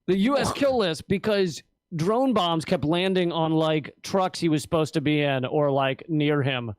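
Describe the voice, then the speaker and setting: Animated rambling man, fairly high voice. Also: a little slow, no echo. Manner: rambling, animated, swears, mimics officials in a high voice. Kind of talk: casual political talk.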